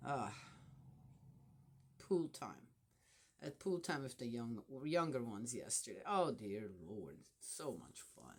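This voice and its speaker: Older woman, low and unhurried voice, rambling home vlog with prayers and family news. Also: big pitch swings, slightly rough. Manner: rambling, soft-spoken, many fillers and restarts. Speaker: vlogger. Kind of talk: casual spiritual reflection.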